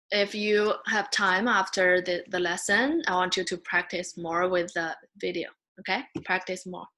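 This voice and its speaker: A woman leads a beginner lesson at a very unhurried pace. She is a patient teacher who stretches each syllable out and calls the sounds high and loud as she drills them. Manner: patient, drawn-out, models sounds loudly and high. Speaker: Mandarin teacher. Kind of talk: slow classroom instruction with drilled syllables.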